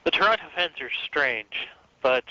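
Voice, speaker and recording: A man's voice: fairly high pitch, animated, normal speed, pushed and bright, no room sound. A man co-hosting a wrestling podcast, wry and sarcastic in casual chat. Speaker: podcast co-host. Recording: dull lo-fi podcast audio.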